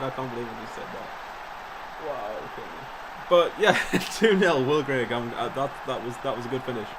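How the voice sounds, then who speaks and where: Excitable man doing game commentary. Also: medium pitch, normal speed, noisy background. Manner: excitable, commentator-style play-by-play, swears. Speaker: gaming YouTuber. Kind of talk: casual gameplay commentary.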